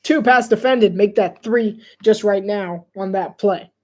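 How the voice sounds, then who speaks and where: Alone on the mic, a sports commentator calls the action casually, joking at his own expense with frequent laughter. He speaks in a high, darkish voice at a measured pace.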